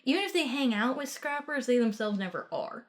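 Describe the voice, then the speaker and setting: A woman's voice: high-pitched, lively intonation. A woman from Texas co-hosting a film podcast, talking in casual, blunt review chat with frequent swearing and lots of "like"s. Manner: quick asides, many "like"s. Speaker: podcast co-host.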